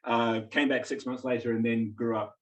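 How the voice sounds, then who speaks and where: A man's voice: mid-range voice, little pitch movement, normal speed. A man in his forties with an English-tinged accent, giving a chatty, self-deprecating public talk as a visiting physics lecturer. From New Zealand. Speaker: guest speaker, physics lecturer. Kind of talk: public talk to a community gathering. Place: meeting house. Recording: roomy hall, distant mic.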